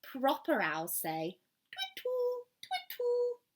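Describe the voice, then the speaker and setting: A woman's voice: very high-pitched, huge pitch swings, very slow, voice pushed up, full character voice. A woman voicing a bossy little girl who knows it all, in a storybook reading. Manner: bossy, matter-of-fact.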